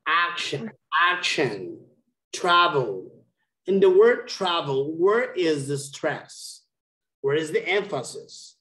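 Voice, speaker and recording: Slow, patient man teaching English. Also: fairly high pitch, lively intonation. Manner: slow, patient, repeats key words. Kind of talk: online English lesson. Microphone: video call. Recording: roomy echo.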